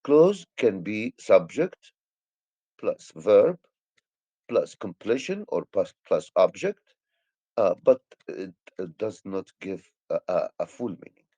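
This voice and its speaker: A man's voice: lowish voice, big pitch swings, slow pace, warm tone, dry recording. A male English teacher with an Egyptian accent, a native Arabic speaker, explaining grammar hesitantly with many fillers and restarts.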